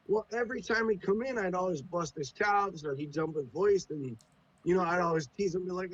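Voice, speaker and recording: A man's voice: high voice, a little fast, highs cut off, slight background noise. A man from the United States, a podcast guest, talking casually with a profane, teasing, joking manner. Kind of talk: casual chat.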